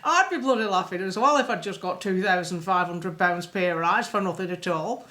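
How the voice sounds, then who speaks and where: A woman's voice: lowish voice, normal speed, a bit bright. A woman talking casually to camera as a political commentator. She is blunt and sarcastic, and often sounds annoyed. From United Kingdom.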